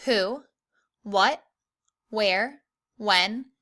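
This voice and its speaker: A young woman teaching an online grammar lesson to children, clear and encouraging, reading the examples slowly. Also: mid-range voice, bright, forceful tone.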